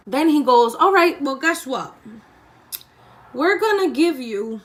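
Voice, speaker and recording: With a high voice, a slow delivery, and long pauses, a young woman vlogger shares an animated, profane storytime while doing her makeup at home, acting out the people she quotes.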